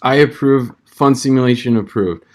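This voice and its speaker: A man's voice: mid-range voice, normal speed. A man hosting an online comedy show from home, joking and giggling between acts as he brings on the next comedian.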